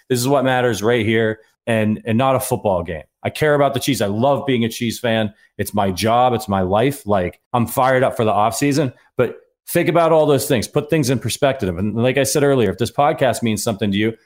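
A man hosting a sports fan podcast, talking in an earnest, rambling way with restarts. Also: medium pitch. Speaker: podcast host. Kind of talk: casual podcast talk.

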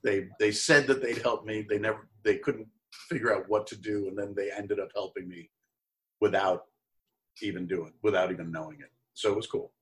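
A middle-aged man with a somewhat low voice spins a casual anecdote as a guest. He acts out the people in his story, leaping up in pitch for their lines, then settles back into an easy, chatty tone. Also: normal speed. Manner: animated storyteller who acts out quoted voices in a higher pitch. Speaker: actor telling a story as a guest.

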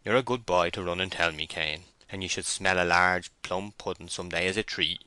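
A man gives voice to a stern young shepherd in an audiobook. The voice is deep and bright, and he speaks firmly and plainly. The sound is dry and close. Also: fairly even intonation, normal speed, clear, resonant tone, no room sound. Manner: firm, plain-spoken. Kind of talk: audiobook character reading.

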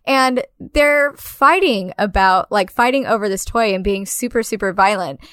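A woman's voice: medium pitch, moderate pace, a bit bright, clean tone, no room sound, clean studio sound. A woman co-hosting a podcast, chatting casually about a movie, full of "like" fillers and sarcastic asides. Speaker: podcast co-host. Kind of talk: casual movie recap and discussion.

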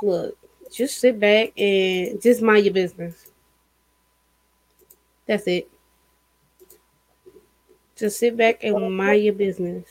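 A woman from Louisiana co-hosting a podcast in casual chat, blunt and unhurried. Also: mid-range voice, fairly even intonation, a little mellow, poor audio. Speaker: podcast co-host.

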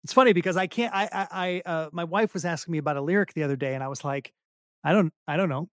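A man's voice: fairly high pitch, racing, dry recording, clean studio sound. A middle-aged man talking casually as an interview guest, self-deprecating and rambling with many restarts. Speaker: podcast guest, singer-songwriter.

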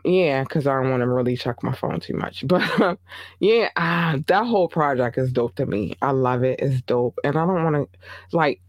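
A podcast host with a Baltimore accent who talks loosely, drifting into fillers and quick corrections. The voice sits at a middling pitch and is recorded dry and close, with no room sound. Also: no echo. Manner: rambling, chatty, many fillers and asides. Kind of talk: casual podcast chat.

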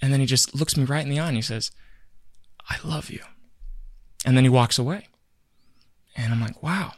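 A podcast co-host tells a story in relaxed conversation, acting out the quotes with lively energy. His voice sits at a medium pitch and he talks fast. The recording is dry and clean, with studio quality.

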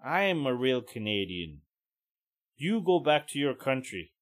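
A man voicing a drunk, angry middle-aged woman who curses and shouts as she rants. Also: medium pitch, sing-song, unhurried. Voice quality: shouty, cursing.

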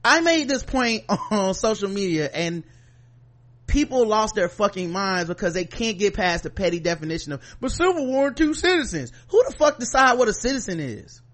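A man co-hosting a podcast, ranting in casual chat, profane and animated, with mocking asides. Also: sits high, moderate pace. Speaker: podcast co-host.

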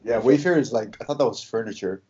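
A young man co-hosting a podcast in casual chat, easygoing, with quick short replies. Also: mid-range voice, warm tone, slightly rough. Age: young adult. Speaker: podcast co-host. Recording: dull remote recording.

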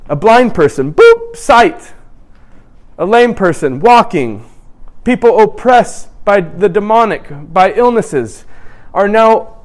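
A man preaching a sermon in an animated way, acting out scripture scenes in different voices. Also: sits high, unhurried.

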